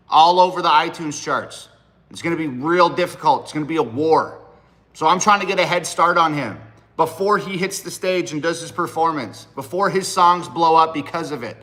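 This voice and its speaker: In his thirties, this livestream host and rapper talks to his viewers bluntly, profanely and in a rambling way. His voice is fairly high-pitched with a sharp tone.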